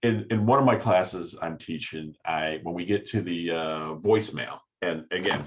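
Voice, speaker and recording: A man's voice: low-pitched, normal speed. A man, a sales professor, telling classroom stories in a conversational interview and acting out his students' voices. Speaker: sales professor and podcast guest. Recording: dull, lo-fi audio.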